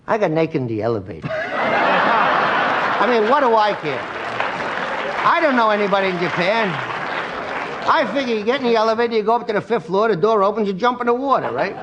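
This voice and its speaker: A comedian telling jokes and stories as a talk show guest, animated and doing voices and sound effects. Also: male voice, high-pitched, brisk, long pauses, muffled recording, a loud crowd, heavy background noise. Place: television studio with live audience. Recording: studio audience laughter behind.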